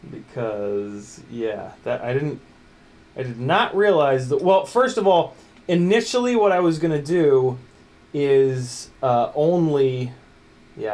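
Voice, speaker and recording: A man with a medium-pitched, darkish voice streams himself building a drone at his workbench, taking his time. He chats casually with viewers, jokes loosely, and mutters and coaxes the parts as he works.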